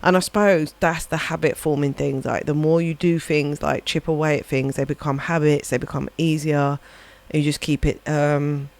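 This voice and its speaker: A woman's voice: low voice, level tone, moderate pace, darkish tone. A woman, a livestreaming musician, chatting casually and reflectively, rambling and swearing now and then. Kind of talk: casual chat on a live stream.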